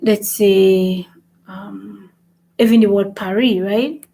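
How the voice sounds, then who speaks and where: A woman with a warm, medium-pitched voice speaks slowly and steadily with vocal fry. She hosts a casual language lesson vlog for her channel, switching between French and English and repeating things with "right?". The recording quality is low.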